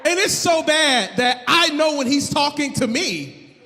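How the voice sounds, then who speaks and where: Brief: high-pitched, punchy male stand-up comic, live in a reverberant hall. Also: unhurried. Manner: animated, loud, punchy. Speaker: stand-up comedian. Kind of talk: stand-up comedy. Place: live comedy venue. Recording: long hall reverb, faint noise.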